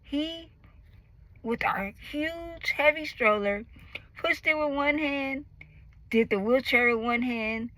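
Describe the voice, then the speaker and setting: A woman in her thirties telling a personal story in a lively, animated way, acting out the voices and cries of the moment. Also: high-pitched, slow pace, dry recording, low-quality recording. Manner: animated, acts out her own screams and quoted voices. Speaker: vlogger.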